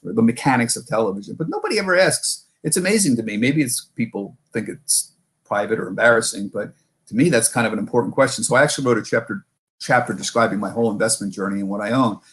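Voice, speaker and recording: Middle-aged man, interview guest, chatty storytelling, restarts and corrects himself, mid-pitched voice. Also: quick pace, a bit bright. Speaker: markets correspondent and author being interviewed. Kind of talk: casual interview talk.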